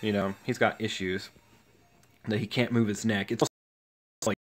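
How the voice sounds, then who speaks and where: A man casually retelling a cartoon story, rambling and halting with lots of fillers. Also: lowish voice, little pitch movement. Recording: music playing under the voice.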